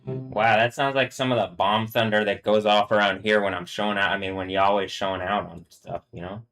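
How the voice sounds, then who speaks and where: A man's voice: fairly low pitch, steady tone, fairly quick, fairly bright tone, soft background music. A man hosting a casual live stream, rambling and talking over himself with lots of fillers. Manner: rambling, filler-heavy, laughs often. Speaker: livestream host.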